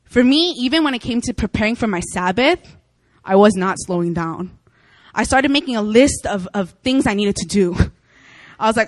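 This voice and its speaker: A young woman preacher giving a casual sermon, chatty and animated, often laughing as she tells stories. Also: medium pitch, moderate pace, no echo. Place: church meeting room.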